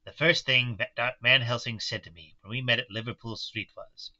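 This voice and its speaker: A man reads a classic novel aloud in a live session, breaking off now and then for self-deprecating asides. His voice is very bright and forward, and the dull, lo-fi recording sounds like a home setup. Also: medium pitch, normal speed, few pauses. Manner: self-deprecating asides between read passages. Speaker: reader. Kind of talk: live book reading with commentary.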